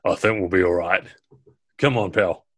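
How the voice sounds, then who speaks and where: A man's voice: low-pitched, moderate pace, no room sound, studio quality. A man voicing a big male ogre leader who talks in a friendly, folksy way. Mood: easygoing. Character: gruff male ogre leader, polite and easygoing.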